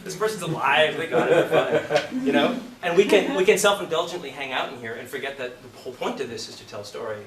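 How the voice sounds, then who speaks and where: A man's voice: on the high side, fast talker, few pauses, a crowd in the background. A man teaching an acting class in a studio, telling stories animatedly, swearing and acting out scenes. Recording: roomy, distant, noisy room recording.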